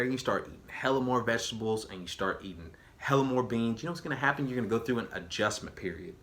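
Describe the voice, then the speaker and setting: Slangy, energetic man vlogging. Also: medium pitch, fast talker, hardly any pauses. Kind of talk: casual direct-to-camera talk.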